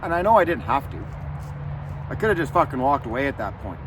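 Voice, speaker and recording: A man's voice: mid-range voice, very animated, quick pace. Angry rambling man, faint traffic behind. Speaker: vlogger. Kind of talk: casual storytelling.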